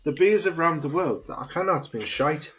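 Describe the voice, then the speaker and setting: A man's voice: a little high, lively intonation, normal speed, a bit bright. A man co-hosting a casual podcast chat, dry and teasing in short remarks. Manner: dry, teasing, brief interjections. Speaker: podcast co-host.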